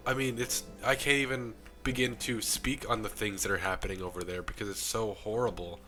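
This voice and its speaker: A young man with a rough, strained voice from the flu, giving an impassioned self-improvement monologue to camera. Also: on the low side, fairly even intonation, fairly quick, bright, forceful tone, soft background music. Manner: preachy, impassioned. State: sick, losing his voice.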